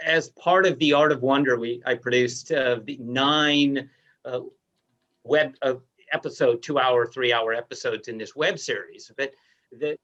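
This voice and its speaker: A man, a guest on the show, chatting in a relaxed, self-mocking way. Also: medium pitch. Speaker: guest performer. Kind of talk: casual conversation. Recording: dull lo-fi remote audio.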